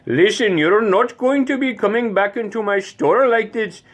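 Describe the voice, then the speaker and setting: A man's voice: high voice, moderate pace, voice pushed up. A man voicing an indignant male shopkeeper with an Indian accent, scolding and exasperated.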